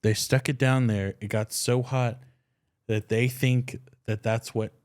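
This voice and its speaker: A young man co-hosting a podcast, telling stories in a loose, excitable way and swearing casually. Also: mid-range voice, unhurried. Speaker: podcast co-host. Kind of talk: casual chat.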